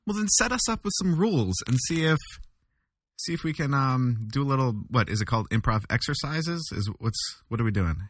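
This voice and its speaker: Relaxed male podcast co-host, dry sound. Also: medium pitch, fairly quick, no echo. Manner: relaxed, laughs often, hesitant with ums. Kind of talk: casual chat.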